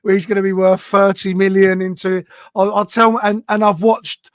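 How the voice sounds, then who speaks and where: A man, co-hosting a football fan podcast in animated, casual chat, often swearing. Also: high-pitched, normal speed, no room sound, studio quality. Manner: animated, laughing, swears freely. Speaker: podcast co-host.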